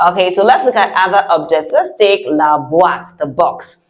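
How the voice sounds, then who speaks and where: A woman teaching words to beginners, stretching out each word slowly for the listener to repeat and praising brightly. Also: animated. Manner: slow, drawn-out model words with bright high praise. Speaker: French teacher. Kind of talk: repeat-after-me language lesson.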